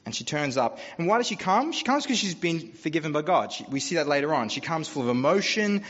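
A man's voice: a little high, sing-song, quick pace, fairly bright tone. A man preaching a sermon as pastor, telling stories with humor in a conversational way. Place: church. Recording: dull sound with long church reverb.

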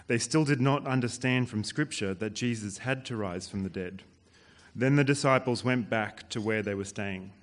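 A man reading scripture aloud to a church in a steady, measured way. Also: lowish voice. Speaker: scripture reader.

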